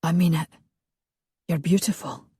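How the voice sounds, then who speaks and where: A woman voicing a teasing, stubborn Highland laird. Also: fairly even intonation, measured pace, mellow, breathy edge, dry recording, clean studio sound. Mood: tender.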